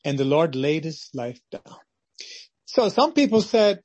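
A husky male preacher with a voice pitched somewhat high, delivering a devotional sermon. He tells stories dramatically and slips into acted scenes. The recording is dry and close. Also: sing-song, measured pace, a little mellow, dry recording, dull audio. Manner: dramatic storytelling, acts out scenes. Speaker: pastor.

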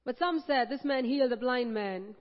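A woman preaching a sermon, impassioned, building to loud, emphatic repetition. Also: high-pitched, normal speed. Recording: dull lo-fi audio with long hall reverb.

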